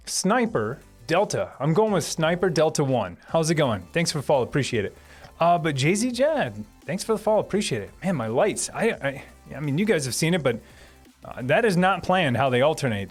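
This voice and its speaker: A man with a slightly high voice runs a live stream from home, keeping the chat casual. He laughs often as he reads and thanks viewers for their comments.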